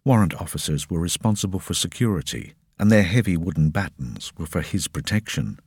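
A man narrating an audiobook with expressive, scripted storytelling. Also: low voice, breathy edge, no echo, studio quality.

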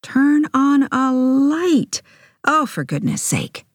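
A woman's voice: high-pitched, big pitch swings, slow, no echo, studio quality, voice pushed up, full character voice. A woman voicing a fretful worried mother. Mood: exasperated. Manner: exasperated, fussing. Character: fretful worried middle-aged mother on a video call.

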